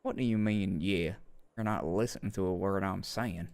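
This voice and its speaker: A man's voice: low-pitched, moderate pace, creaky, darkish tone, clean tone. A man voicing a weary, chatty male office worker who gossips in a tired way while voice acting a game aloud. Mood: gossipy.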